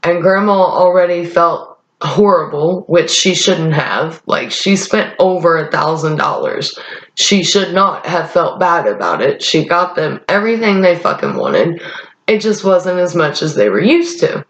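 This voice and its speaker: A woman's voice: lowish voice, big pitch swings, unhurried. A young woman vlogger rambling in a casual chat, blunt and profane. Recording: echoey room, dull lo-fi sound.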